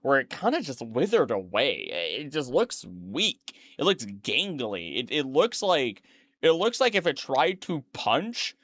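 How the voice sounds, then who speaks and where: A man's voice: mid-range voice, big pitch swings, a little slow, fairly bright tone, no echo. Dry-voiced man riffing in casual reaction. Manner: rambling, self-correcting, chatty asides. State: tired, yawning late at night. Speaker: streamer reacting to a documentary.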